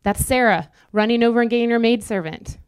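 A young woman preaching a sermon in an earnest, conversational way with quick asides. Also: a little high, clean tone, no echo.

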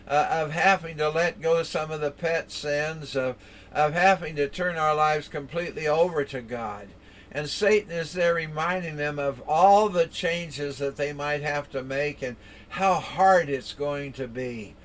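Older guy preaching, folksy, lots of uh and repeats, kinda high voice. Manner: folksy, repeats words, frequent uh fillers. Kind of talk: sermon with folksy storytelling.

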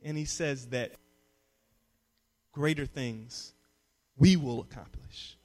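A young man preaching a sermon as a youth pastor, moving from calm teaching to loud call-and-response. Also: mid-range voice, slow pace. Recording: long reverb of a hall.

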